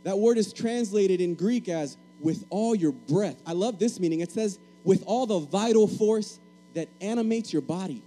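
A man from Puerto Rico preaches with emphasis, his high voice pressing key phrases again and again. His tone is mellow and dark. A faint mains hum runs underneath. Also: normal speed, soft background music, rough recording. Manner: emphatic, repeats key phrases, asks the congregation to respond. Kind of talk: sermon.

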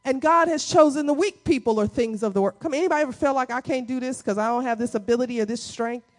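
A woman pastor delivers a sermon in a loose, conversational way. She acts out quotes and reactions as she talks, and her voice sits slightly high. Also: fast. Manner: conversational preaching with acted-out quotes.

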